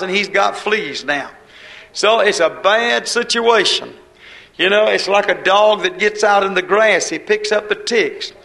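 A preacher man with a high, gravelly voice and a bright, forceful edge. He preaches in a folksy, homespun way, full of dialect and little quoted voices. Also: low-quality recording. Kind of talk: sermon.

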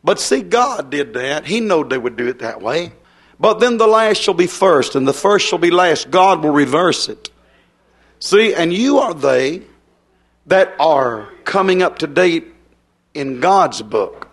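Preacher guy hollering a revival sermon, kinda high voice, folksy and emphatic. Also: lively intonation, unhurried, breathy edge.

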